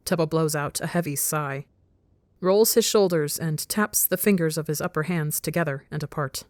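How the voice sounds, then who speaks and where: A woman narrating a story in a measured, intimate way. Her voice sits low for a woman, and the recording is close and dry. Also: fairly even intonation, no echo. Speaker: audiobook narrator. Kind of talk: scripted narration of fan fiction.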